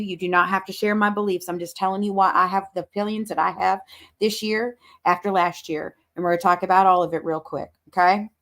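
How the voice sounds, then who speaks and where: Blunt, sleepless woman livestreamer, lower voice, profane and fiery. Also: a bit bright. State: has not slept. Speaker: livestream host. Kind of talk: casual livestream rant.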